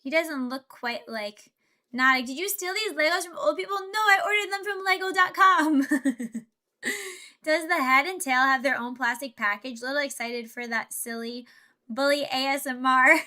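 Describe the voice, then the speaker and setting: High bright chatty woman streamer. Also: normal speed. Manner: chatty, playful, talks to chat and to the pieces. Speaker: VTuber streamer. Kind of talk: casual live-stream chat while building Lego.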